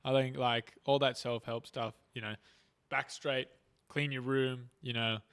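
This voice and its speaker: A young man in his twenties in a relaxed podcast chat, reflective and full of "like" and "you know". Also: medium pitch, a little slow, clean tone.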